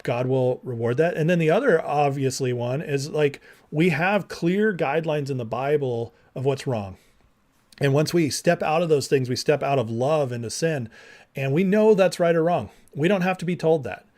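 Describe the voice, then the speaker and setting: A man teaching a Bible class in a casual, animated way, acting out the people in the stories with slangy dialogue. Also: on the high side, normal speed.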